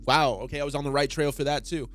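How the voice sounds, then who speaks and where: A man hosting a casual manga reaction, excitable and breaking into loud bursts. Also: on the high side, fast.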